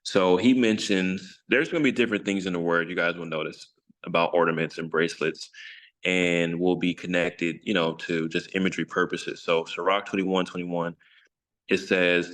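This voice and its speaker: A man's voice: sits low, fairly even intonation, moderate pace, fairly bright tone. A man teaching an informal scripture study, rambling and self-correcting with jokes along the way. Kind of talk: casual online study lesson.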